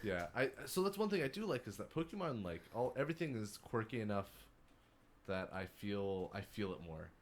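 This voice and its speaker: A man co-hosting a podcast, chatting casually about video games and riffing with dark jokes. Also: lowish voice, moderate pace, slight background noise. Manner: animated, darkly joking rambles. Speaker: podcast co-host. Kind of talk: casual gaming chat.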